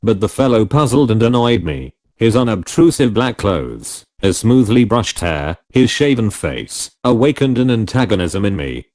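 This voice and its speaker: Male audiobook narrator, low voice, lively first-person reading. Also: normal speed, few pauses.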